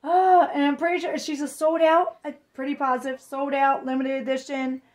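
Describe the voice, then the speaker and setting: A woman who collects reborn dolls gushes breathlessly through an excited unboxing vlog, her voice shaky with excitement. It sits high and moves at a normal speed.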